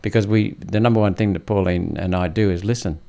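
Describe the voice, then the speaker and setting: Gravelly low-voiced man, blunt senator. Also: brisk, dark tone. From India. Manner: blunt, emphatic political talk. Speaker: senator, podcast guest. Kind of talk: casual interview talk.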